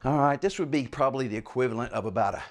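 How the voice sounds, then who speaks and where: Man, 50s, easygoing workout coach, mid-pitch, slightly breathless, soft music bed. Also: very fast. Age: over 50. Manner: casual, keeps saying "all right?". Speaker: fitness coach. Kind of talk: home workout instruction.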